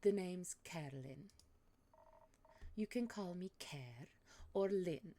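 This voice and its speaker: A woman's voice: fairly low pitch, lively intonation, takes it slowly, warm tone, a little hiss or hum. A woman playing a dry, teasing wandering adventurer. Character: wry wandering adventurer with news of monsters. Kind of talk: cosy tavern role-play.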